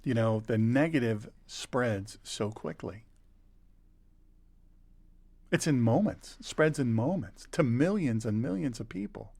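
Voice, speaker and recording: A man's voice: mid-range voice, expressive, slow pace, creaky, long pauses, a little mellow, dry recording. An older man who is a pastor and show host, giving a conversational sermon and earnestly repeating words for emphasis.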